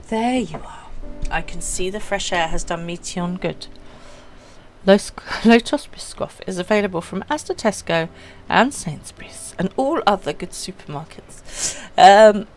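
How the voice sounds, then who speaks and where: A woman's voice: lowish voice, a little hiss or hum. A woman with a British English accent streaming a game, chatting with her viewers and bantering indignantly, laughing often. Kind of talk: casual chat with live chat. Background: game music.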